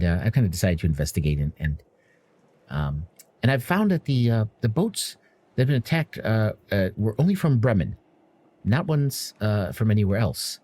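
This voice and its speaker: A man's voice: on the low side, darkish tone, husky, no room sound. Stammering young woman scholar, earnest, fidgety, as a male DM plays her.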